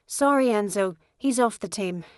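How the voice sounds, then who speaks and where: A woman's voice: medium pitch, normal speed, dry recording, natural voice. A stern middle-aged coach with a Long Island accent, blunt and clipped in his words, as a woman reads him. His voice sits at a middling height, recorded dry and close.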